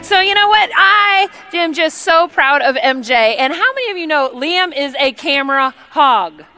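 A woman gives a church talk full of funny everyday stories. She is animated, playful and chatty. Her voice is bright and sits a little higher than most women's. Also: normal speed, faint music behind. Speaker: church speaker. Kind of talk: humorous sermon storytelling.

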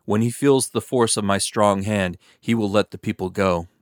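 A man's voice: on the low side, fairly even intonation, normal speed, no room sound, studio quality, lightly acted. A man reading as a solemn almighty god.

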